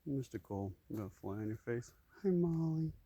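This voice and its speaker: A man chatting softly to his farm animals outdoors, doting and coaxing, filmed on a phone. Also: medium pitch, expressive, brisk, slightly rough. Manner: soft, doting, coaxing baby talk. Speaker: farmer talking to his animals. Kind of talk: casual chat to animals. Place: outdoors on a farm, shady pasture.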